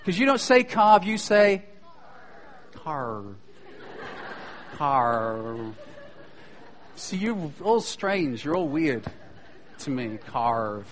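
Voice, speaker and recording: A British man addresses a room of students at chapel, teasing them with dry humor about accents. His voice sits noticeably high for a man and carries an easy, playful storytelling rhythm. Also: measured pace, slight background noise. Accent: British English. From Britain. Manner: joking, self-deprecating, lively storyteller. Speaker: school chapel speaker.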